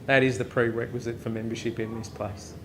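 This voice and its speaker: A man with an Australian accent preaching a casual, joking sermon at a live chapel service, often tossing in a quick "right?" to the crowd. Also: medium pitch, flat delivery, noisy background. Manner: conversational, joking, frequent "right?" asides. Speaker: pastor.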